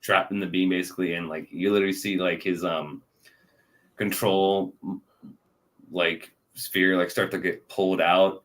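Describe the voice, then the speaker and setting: A man with a very low voice co-hosting a podcast. His talk is loose and animated, and he laughs easily between his points. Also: normal speed. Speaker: podcast co-host. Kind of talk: casual chat reviewing a show.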